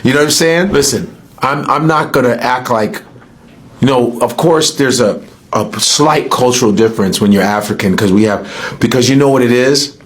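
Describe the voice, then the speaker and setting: A man born in the United States, ranting heatedly and profanely on a podcast, with emphatic outbursts. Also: on the low side.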